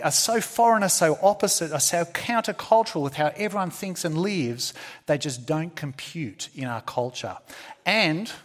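An Australian man preaches a sermon in an earnest, emphatic way. He circles back on phrases for emphasis and fills gaps with "uh." His voice sits a little higher than most men's. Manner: earnest, repetitive emphasis with fillers.

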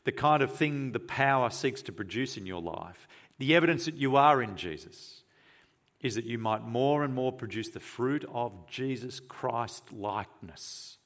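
A man delivering a sermon in an earnest, emphatic way. He keeps asking rhetorical questions and swings between stressed, forceful lines and softer, hushed ones. His voice sits at an ordinary middle pitch for a man. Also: expressive, unhurried. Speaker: preacher.

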